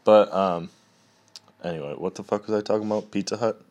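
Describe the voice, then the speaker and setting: A man's voice: on the low side, rapid-fire, warm tone. A young man in a casual, rambling rant, swearing often and laughing at his own stories.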